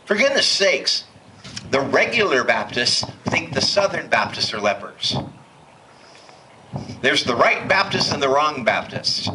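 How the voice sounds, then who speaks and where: A man's voice: fairly high pitch, bright, forceful tone, slight background noise, low-quality recording. A man preaching a sermon in a church, impassioned and building to emphatic peaks. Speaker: pastor. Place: church hall.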